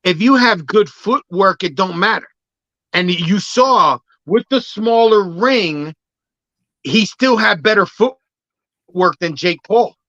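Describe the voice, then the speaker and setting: A man co-hosting a sports podcast, giving measured, analytical comments in casual talk. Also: high-pitched, lively intonation, bright, forceful tone, no room sound, lo-fi sound. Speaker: podcast co-host.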